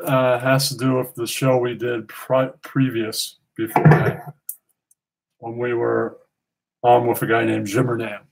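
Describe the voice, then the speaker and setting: A man's voice: medium pitch, level tone, measured pace, creaky, a little hiss or hum, rough recording. A man hosting a casual livestream, terse and plain-spoken. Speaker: host.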